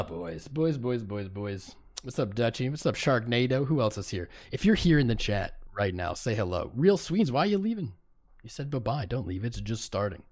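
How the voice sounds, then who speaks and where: A man's voice: mid-range voice, a little mellow. Chatty male livestream host. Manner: chatty, greets viewers by name. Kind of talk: casual livestream commentary.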